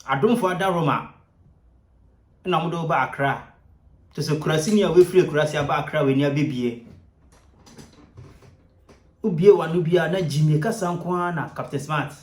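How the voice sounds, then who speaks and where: A man giving lively, scornful commentary. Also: on the high side, a little fast, pauses often, echoey room.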